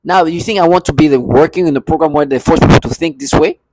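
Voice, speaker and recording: A man's voice: on the high side, very animated, fast talker, creaky, darkish tone, no echo, faint music behind. A man delivering an agitated, repetitive rant to camera from his apartment, with bitter laughs. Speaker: vlogger. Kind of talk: angry monologue to camera.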